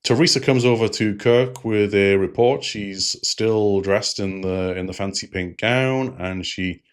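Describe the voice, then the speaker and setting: A man's voice: fairly low pitch, a little slow. A man hosting a review channel, recapping an episode in a rambling, digressive way with frequent fillers.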